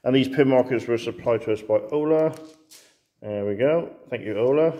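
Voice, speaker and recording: A man who hosts a tabletop wargame in casual chat, laughs often and curses his dice out loud. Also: mid-range voice, normal speed, dull audio. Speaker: wargame player and host. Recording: echoey room.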